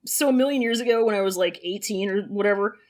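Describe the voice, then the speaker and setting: A woman's voice: medium pitch, fast, darkish tone. A woman co-hosting a podcast in casual chat, rambling and laughing with lots of fillers. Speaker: podcast co-host.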